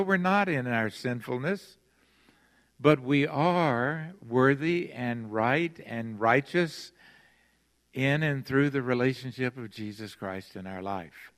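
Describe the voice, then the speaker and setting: An older man delivers a sermon to a congregation, earnest and emphatic, slowing to lean on his key words. His voice sits at an ordinary middle pitch. The sound rings with the long reverb of a large church sanctuary. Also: a bit bright. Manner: earnest, emphatic, with slow stressed phrases. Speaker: pastor.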